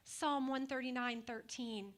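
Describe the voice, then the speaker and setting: A woman's voice: sits high, steady tone, measured pace. A woman pastor preaching a sermon in a conversational way, asking the congregation questions and adding light humor.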